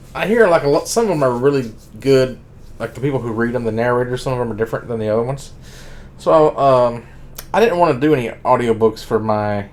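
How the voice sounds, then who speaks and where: A man's voice: medium pitch, darkish tone. A man streaming a casual, rambling monologue about books, full of "like" and blunt profane asides.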